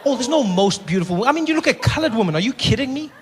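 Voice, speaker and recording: Lively South African stand-up comic with a high voice; noisy live stage sound. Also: male voice, racing, a faint crowd. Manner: animated, drops into mimicry and shouted bursts. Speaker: stand-up comedian. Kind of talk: stand-up comedy routine.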